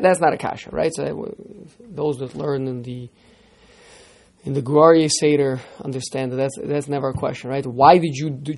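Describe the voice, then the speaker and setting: A man teaching a text study class, lively, firing rhetorical questions at his students and repeating words as he starts sentences. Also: fairly high pitch, vocal fry, husky. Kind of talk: interactive text lesson.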